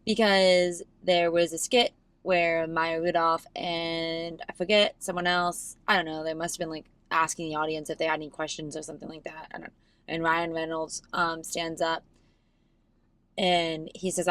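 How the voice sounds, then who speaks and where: A woman's voice: low-pitched, flat delivery, normal speed, fairly bright tone, no echo. A woman co-hosting a casual podcast chat, swearing casually and laughing often. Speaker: podcast co-host. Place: parked car.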